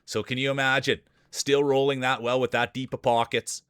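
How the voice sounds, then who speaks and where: Man, middle pitch, dry close mic, streamer doing playful mock sports commentary on a marble race. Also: little pitch movement, moderate pace, a bit bright, clear, resonant tone, no room sound. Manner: playful hype with joking announcer lines.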